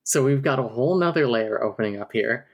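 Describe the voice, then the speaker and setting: A man's voice: mid-range voice, animated, quick pace, muffled recording. A man co-hosting a casual podcast, recapping a novel with wry humor and reading quotes aloud. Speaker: podcast co-host. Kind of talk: casual book recap chat.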